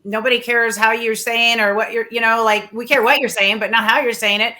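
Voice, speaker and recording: A woman's voice: fairly high pitch, steady tone, fairly quick, bright, forceful tone, slight background noise. A woman hosting a casual interview show, speaking in an effusive, gushing way. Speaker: talk show host.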